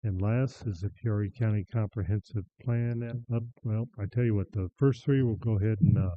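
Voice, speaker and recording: A man chairing a county committee meeting, moving briskly through routine agenda items. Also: lowish voice, steady tone, no room sound. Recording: dull, dry public meeting audio.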